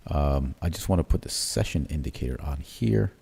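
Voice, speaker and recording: This host's voice is extremely low, slightly rough and fried, at a moderate pace. Streaming live about crypto trading, he marks up charts while thinking aloud, relaxed and self-correcting, peppering his talk with fillers and "right?"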